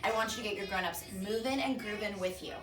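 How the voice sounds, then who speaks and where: A woman's voice: mid-range voice, quick pace, echoey room. Young woman, kids' dance teacher, encouraging, counting beats, camera far across the room, music behind. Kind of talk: upbeat kids' dance class instruction. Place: home workout room. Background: music playing.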